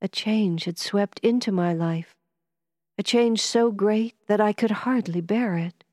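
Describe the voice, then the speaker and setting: A woman narrating a novel in a measured, reflective storytelling manner. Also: mid-range voice, warm tone, no echo, clean studio sound. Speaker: audiobook narrator. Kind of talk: scripted narration.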